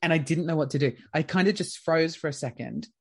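A woman's voice: low voice, brisk, breathy edge. A woman with an Australian accent, a podcast guest telling a personal story casually and acting out what each person said. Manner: lively, acts out quoted dialogue.

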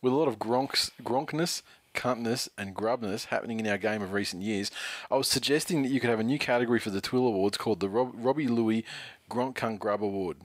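A man's voice: on the low side, brisk, dry recording. An Australian man co-hosting a casual sports podcast, dryly reading out listener messages and swearing between laughs. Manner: dry, reads tweets aloud with laughs and swearing.

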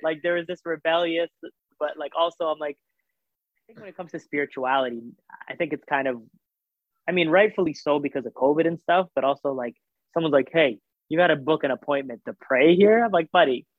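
A man's voice: a little high, a little fast, no echo. Man, casual storyteller, acts out voices, phone-like sound, dry. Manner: animated, acts out quoted voices, filler-heavy.

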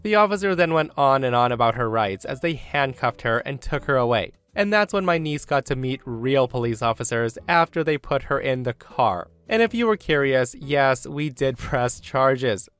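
A man's voice: mid-range voice, animated, normal speed, few pauses, fairly bright tone, smooth. Casual man reading stories, faint music. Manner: casual, talks straight to listeners. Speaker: story narrator. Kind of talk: reading online stories aloud.

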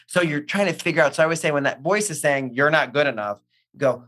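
A man hosting a casual conversation, speaking in a gentle, reflective, coaching way. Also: on the high side, fast. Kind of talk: casual podcast chat.

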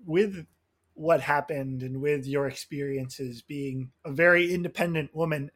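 A man interviewing a guest, asking long, measured, encouraging questions. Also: fairly high pitch, a bit bright, breathy edge.

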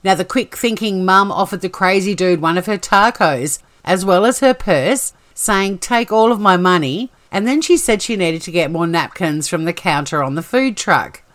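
A woman's voice: lowish voice, normal speed, few pauses, a bit bright. Wry Australian woman podcast host. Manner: chatty, wry storytelling. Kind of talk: scripted narration.

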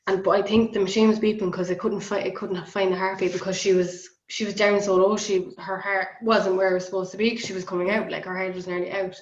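A woman's voice: mid-range voice, level tone, fast talker, few pauses, reverberant, dull audio. A woman telling her birth story in a chatty, casual way, laughing often. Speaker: podcast guest.

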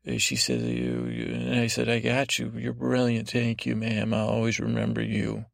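A man spins a rambling bedtime story in a deadpan, meandering way. His voice is heavy with gravelly fry, and it sounds close and dry with no room around it. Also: on the low side, moderate pace, no echo. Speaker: podcast host. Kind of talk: improvised bedtime story narration.

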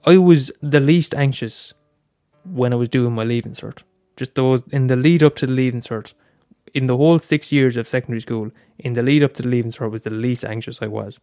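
A man's voice: mid-range voice, brisk, warm tone, no room sound, clean studio sound, faint music behind. A young Irish man hosting a casual solo podcast, talking candidly with frequent swearing and stammered restarts. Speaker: podcast host.

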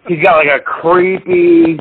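A man with a slightly high, unhurried voice spins animated stories as a podcast co-host, peppering them with swearing and acting out others' words. The recording has a tinny, phone-like quality and a faint hiss.

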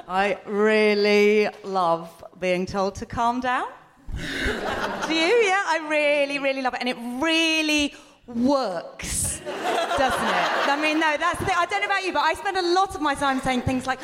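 A woman's voice: high-pitched, a little slow. A woman co-hosting a live comedy podcast, telling self-mocking stories and laughing through them in front of an audience. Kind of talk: live stand-up storytelling. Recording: noisy live recording.

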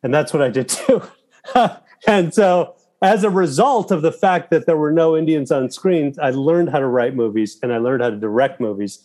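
A man talking as a guest in a casual interview, telling animated stories with profanity and quoting his own thoughts aloud. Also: on the high side, moderate pace. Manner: animated storytelling with profanity and quoted inner thoughts. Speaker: guest, filmmaker and actor.

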